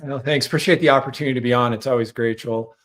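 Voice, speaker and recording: A man who is a communications consultant, a guest on a podcast, speaking sincerely and warmly about compassion, often repeating words. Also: medium pitch, fairly even intonation, racing.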